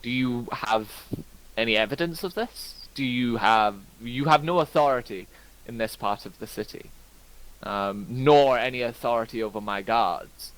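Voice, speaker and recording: A man voicing McCall, a firm city official who speaks in a measured, unwavering way. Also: mid-range voice, a bit bright, natural voice, rough recording. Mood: stern.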